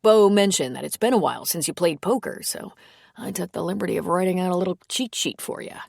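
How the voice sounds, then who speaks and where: A woman's voice: lowish voice, animated, fast, creaky, a little mellow, no echo, studio quality. A woman reading the lines of a cheerful, joking male priest in an audiobook. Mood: playful. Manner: playful, mock-offended.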